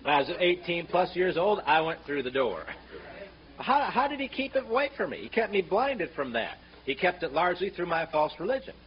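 A man preaching a fiery sermon, sarcastic and mocking, rising to shouts when he quotes scripture. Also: high voice, big pitch swings, brisk. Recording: muffled, slightly noisy sermon recording.

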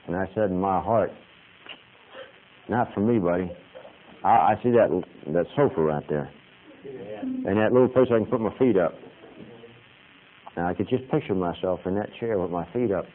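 A man's voice: fairly low pitch, a little fast, long pauses. Folksy preacher guy, plain talk, gets emphatic, tinny phone-like sound with a bit of hiss. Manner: folksy, plain-spoken, rising emphatic peaks. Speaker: pastor. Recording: tinny hissy lo-fi recording.

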